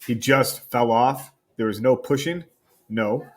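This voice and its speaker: A man voicing a suspicious, overprotective mother firing accusing questions at her son, with a husky tone. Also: mid-range voice, expressive, a little slow.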